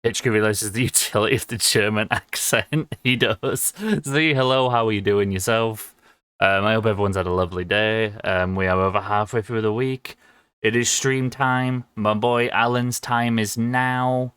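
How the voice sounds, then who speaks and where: A young man talks to his stream chat in a low, relaxed voice, rambling with plenty of ums and quick laughs. The sound is dry and close, with no room echo around him. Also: smooth. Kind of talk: casual livestream chat with viewers.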